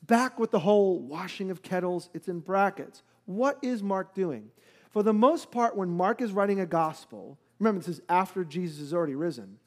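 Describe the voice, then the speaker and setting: High-voiced man preaching a sermon. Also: expressive, moderate pace, a little mellow. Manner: explanatory, conversational teaching with fillers. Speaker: pastor.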